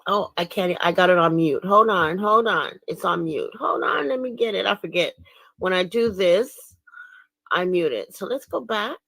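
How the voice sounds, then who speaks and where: A woman's voice: fairly low pitch, normal speed, creaky, fairly bright tone, dry recording. A woman giving casual, indignant livestream commentary as an activist, emphatic and laughing scornfully at her critics.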